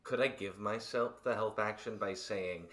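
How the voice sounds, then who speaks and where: A player in a tabletop game, talking in a lively, scheming way and laughing often. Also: medium pitch, moderate pace.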